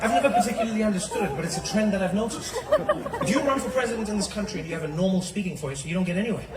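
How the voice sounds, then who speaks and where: A male comedian doing animated stand-up comedy with mocking, repeated punchlines. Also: high-pitched, rapid-fire, recorded from a distance, a loud crowd, heavy background noise. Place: live comedy venue. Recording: echoey live club recording, loud audience.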